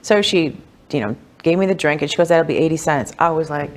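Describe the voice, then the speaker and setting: A woman, a wealth coach, telling personal stories in a casual podcast interview, animated and chatty, with lots of "like" and "you know.". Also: a little fast, a little hiss or hum. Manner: animated, acts out quoted voices with big pitch jumps.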